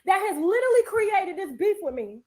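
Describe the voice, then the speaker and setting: A woman's voice: very high-pitched, sing-song, brisk. A woman on a live stream, delivering a combative rant full of cursing and repeated phrases.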